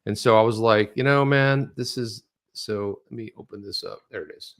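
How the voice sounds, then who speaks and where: A middle-aged man co-hosting a casual chat, telling stories in a rambling, animated way with lots of restarts. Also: lowish voice, moderate pace, gravelly. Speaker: co-host.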